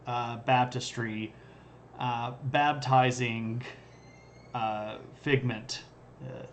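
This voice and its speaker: A man with a mid-range voice chats loosely on a live stream, rambling from one aside to the next. His humor is dry and self-mocking, and he keeps chuckling at his own jokes. A faint hum of noise sits under his voice. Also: mid-range voice. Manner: wry, self-deprecating humor. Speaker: history streamer. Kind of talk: casual live-stream chat.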